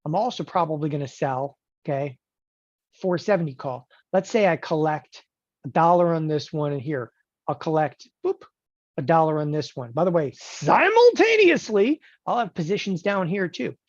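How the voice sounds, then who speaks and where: A man teaching options trading in an animated lecture, emphatic and joking, often checking in with the listener. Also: on the high side, normal speed, no room sound. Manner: emphatic, joking, keeps asking "okay?". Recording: dull lo-fi dry recording.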